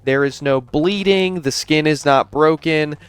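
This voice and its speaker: A man's voice: a little high, unhurried, background noise. Incredulous male commentary narrator. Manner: incredulous, explanatory.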